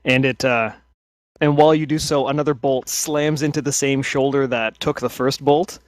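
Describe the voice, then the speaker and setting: A man's voice: mid-range voice, steady tone, moderate pace, no room sound. A man narrating a tabletop game as game master, often restarting and hesitating mid-sentence.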